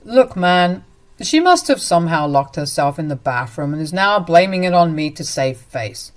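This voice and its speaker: A woman reading as a cruel young husband caught in his lies, dismissive and stammering. The voice sits a little low. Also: big pitch swings, moderate pace. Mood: defensive.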